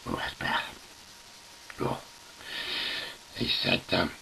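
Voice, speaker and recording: A man's voice: a bass voice, very animated, measured pace, vocal fry, pauses often, bright, forceful tone, slight background noise, rough recording. An older man telling a rambling anecdote to camera, chuckling through his words and swearing freely. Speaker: storyteller.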